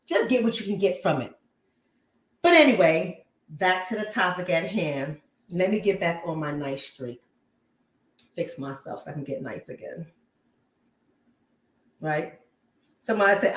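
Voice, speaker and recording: A woman's voice: fairly low pitch, animated, unhurried, pauses often. A woman hosting a livestream, talking bluntly and profanely. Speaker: host. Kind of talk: livestream commentary. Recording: echoey room.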